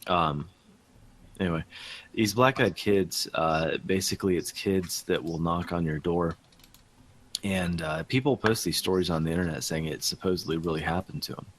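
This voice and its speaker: A man's voice: low voice, normal speed, a little hiss or hum. A man on a casual podcast, telling a story in a meandering way with many fillers. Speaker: podcast co-host.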